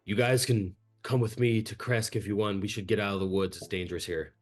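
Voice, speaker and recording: A man's voice: on the low side, fairly even intonation, brisk, soft background music, natural voice. A man voicing a chatty, friendly male town guard who rambles and speaks a bit awkwardly.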